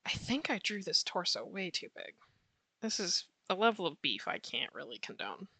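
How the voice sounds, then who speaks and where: A woman chatting casually with viewers while she sketches on a livestream, answering chat warmly and laughing often. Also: on the low side, big pitch swings, moderate pace, vocal fry, dry recording. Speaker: art streamer.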